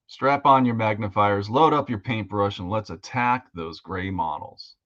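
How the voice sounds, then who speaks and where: A man voicing a barking male drill sergeant who loudly rallies hobby painters, on dull lo-fi stream audio. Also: fairly low pitch, a little slow. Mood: rallying. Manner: loud, rallying shouts.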